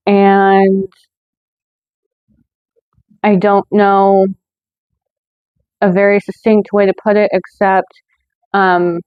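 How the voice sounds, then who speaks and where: A woman's voice: medium pitch, no room sound, lo-fi sound. A woman hosting her own movie review channel, talking in a chatty way with lots of fillers and self-corrections. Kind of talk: casual scripted review.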